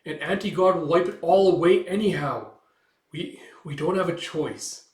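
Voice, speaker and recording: A man's voice: a little high, moderate pace, a little mellow, echoey room, distant mic, pitched above the performer's own voice, close to an everyday voice. A man voicing a worried, level-headed heroic woman who urges the others on. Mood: anxious.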